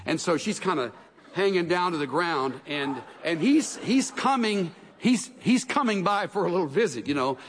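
A man's voice: high voice, expressive, moderate pace, fairly bright tone, a little hiss or hum. A man preaching a sermon in a large hall, telling stories with animation and acting out voices from scripture. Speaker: pastor. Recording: long hall reverb.

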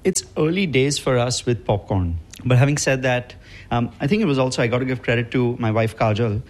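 A man's voice: medium pitch, slight background noise. A man with a mid-range voice answers questions about his family business. He speaks casually, with restarts and fillers. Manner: casual, halting. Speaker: business owner. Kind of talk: interview answers.

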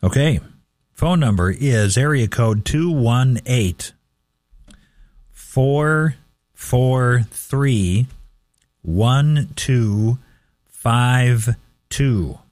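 A man's voice: medium pitch, expressive, drawn-out words, long pauses, a little mellow, no echo, clean studio sound. A man hosting a casual radio swap shop, reading listings and repeating phone numbers carefully.

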